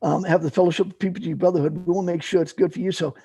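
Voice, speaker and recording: Gravelly rambling storyteller man. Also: high-pitched, fairly even intonation, racing, mellow, no room sound. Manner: rambling, lots of fillers and restarts. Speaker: guest, paramotor fly-in organizer. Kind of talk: casual storytelling.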